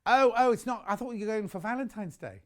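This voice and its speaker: A man's voice: high-pitched, animated, fast. A British man presenting live on a shopping channel, chatty and rambling as he sells sewing goods. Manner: chatty, rambling, reads out viewer messages.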